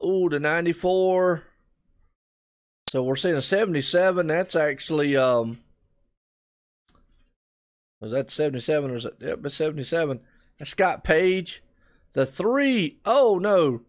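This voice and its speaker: A man from North Carolina with a Southern US accent, calling a live race in a chatty, excitable play-by-play that keeps turning to folksy asides to viewers. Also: fairly high pitch, a little slow, long pauses. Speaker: race commentator.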